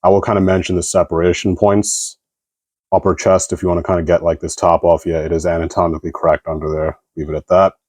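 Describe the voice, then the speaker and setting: A man giving a relaxed, rambling review of an action figure as a channel host, with plenty of fillers like "kinda" and "you know.". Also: deep voice, quick pace, no echo. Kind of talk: casual product review.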